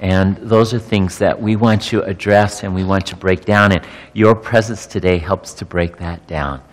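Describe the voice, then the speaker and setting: A middle-aged male pastor with a somewhat low voice speaks candidly to a gathered audience. He often halts and repeats words as he works through his thoughts. His voice carries a long reverb from a large hall. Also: steady tone. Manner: candid, halting, repeats words while searching. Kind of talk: personal testimony talk to an audience.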